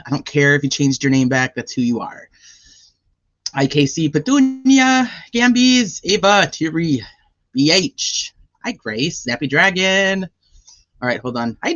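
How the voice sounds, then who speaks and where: A man's voice: fairly high pitch, a bit bright, no room sound, muffled recording. A man hosting a casual livestream and chatting with viewers, with a sore throat. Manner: chatty, greets viewers by name. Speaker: livestream host.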